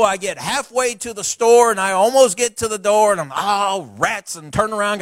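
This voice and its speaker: High-voiced folksy preacher man. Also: no room sound, clean studio sound. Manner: folksy, animated preaching with asides. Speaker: pastor. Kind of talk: sermon. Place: church sanctuary.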